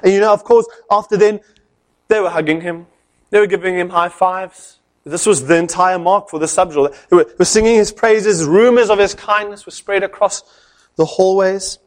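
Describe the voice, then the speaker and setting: Animated male preacher telling a story. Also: high-pitched. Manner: animated storyteller with dramatic pauses. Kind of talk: sermon storytelling.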